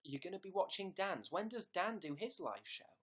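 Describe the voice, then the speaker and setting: A man's voice: high voice, sing-song, moderate pace, husky. A young man casually hosting a livestream, reading viewer messages aloud and thanking them by name. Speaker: livestream host.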